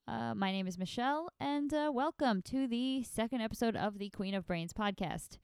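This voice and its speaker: A woman's voice: a little high, expressive, moderate pace, darkish tone, clean tone, no room sound, studio quality. A woman hosting a casual solo podcast, sounding nasal from allergies, rambling in a chatty, self-deprecating way. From New York. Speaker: podcast host.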